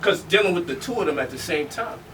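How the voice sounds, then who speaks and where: High bright guy cracking up thru his stories, mic kinda far, faint hiss. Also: fast talker. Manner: animated, joking, laughing through stories. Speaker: speaker. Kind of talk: storytelling lecture. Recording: distant mic with faint noise.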